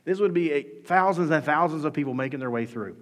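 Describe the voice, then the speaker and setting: A man preaching a sermon in a church, conversational and animated, with bursts of emphasis. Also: fairly high pitch, quick pace. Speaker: pastor. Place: church sanctuary. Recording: hall reverb.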